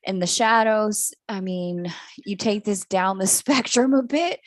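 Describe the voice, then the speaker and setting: A woman's voice: mid-range voice, lively intonation, a little slow, no room sound, clean studio sound. A woman giving a live-streamed astrology reading, candid and self-mocking, who laughs often and swears casually. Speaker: astrology reader.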